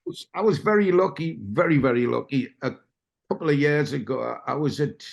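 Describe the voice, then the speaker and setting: A man's voice: on the high side, normal speed. An older man, a guest telling rambling, self-deprecating racing stories in casual chat. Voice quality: gravelly.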